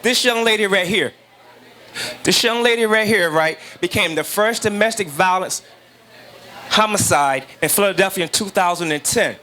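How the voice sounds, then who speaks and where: High bright-voiced emotional father. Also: normal speed. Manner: earnest, emphatic, repeats phrases. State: emotional, near tears. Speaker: guest, grieving father. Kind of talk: emotional testimony.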